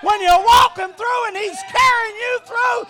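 A man preaching a sermon with passion, rising to shouting, his voice breaking into a cry at the peaks. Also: extremely high pitch, fairly even intonation, moderate pace. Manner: impassioned preaching that rises to shouting.

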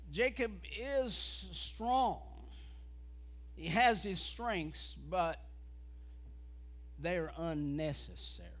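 A man preaching a fiery revival sermon as an evangelist, building from quiet talk to shouted preaching. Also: high-pitched.

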